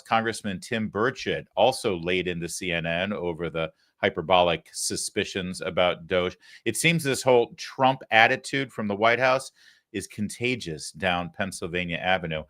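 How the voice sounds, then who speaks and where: A middle-aged man hosting a live political talk show, delivering an energetic, emphatic monologue that swings between punchy lines and muttered asides. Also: lowish voice. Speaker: show host.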